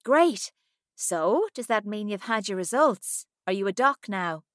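A woman reading an audiobook voices a lively, giggly young Irish woman who talks eagerly and fires off questions. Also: mid-range voice, no room sound, clean studio sound, voice pushed up, natural voice. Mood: excited. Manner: eager, teasing, rapid questions. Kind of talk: audiobook character voice.

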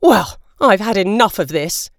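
Fed-up storybook dad, woman narrator voicing him; gruff, dry close read. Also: mid-range voice, expressive, a little slow, no room sound. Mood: annoyed. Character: grumpy working father, easily annoyed.

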